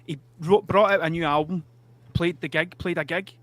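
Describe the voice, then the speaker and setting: Musician co-host, lightly raised pitch, eager storyteller, dry close mic. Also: male voice, steady tone, moderate pace, fairly bright tone, no room sound. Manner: enthusiastic, laughing along. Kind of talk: casual chat.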